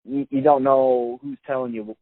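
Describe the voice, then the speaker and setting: A man's voice: medium pitch, steady tone, moderate pace, no room sound. A man hosting a podcast, talking casually with many fillers and restarts. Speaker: podcast host. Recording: phone-like, dry sound.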